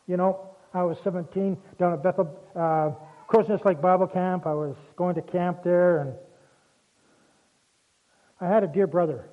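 A man's voice: high-pitched, steady tone, normal speed, long pauses. A man preaching a sermon in a folksy, conversational way, with personal asides. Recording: tinny phone-like sound.

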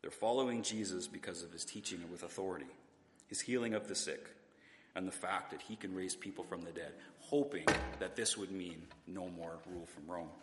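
A man's voice: low voice, fairly quick, roomy sound, long reverb tail, noisy background. A man preaching a sermon in a church, talking in a conversational way, asking the congregation rhetorical questions and sometimes restarting his words. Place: church sanctuary.

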